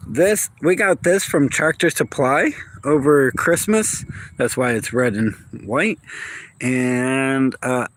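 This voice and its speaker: A man's voice: on the high side, a little hiss or hum. A man, chatting casually outdoors in his yard while he vlogs on a phone, rambling and talking to his dogs. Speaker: vlogger. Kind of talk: casual walk-and-talk vlog. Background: dogs barking.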